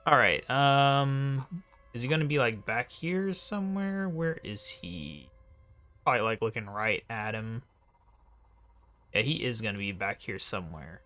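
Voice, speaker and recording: A man giving casual, low-key commentary while playing a game late at night, often muttering quiet asides. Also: animated, a little slow, faint music behind. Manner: mumbles quiet asides, sometimes whispers. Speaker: let's play host.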